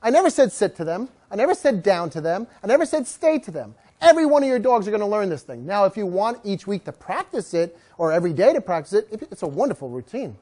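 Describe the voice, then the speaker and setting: A man who trains dogs, teaching a class and telling lively stories while joking with the audience. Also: high voice, quick pace, hardly any pauses. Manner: animated storytelling, jokes with the audience. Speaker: dog trainer.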